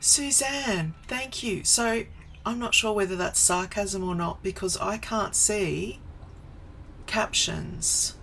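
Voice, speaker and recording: Slow-talking woman in her forties, livestream chat. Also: medium pitch, gravelly, a bit bright, slight background noise, poor audio. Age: 40s. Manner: chatty, greets viewers by name, wanders off topic. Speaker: live stream host. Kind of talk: casual live stream chat. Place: home office.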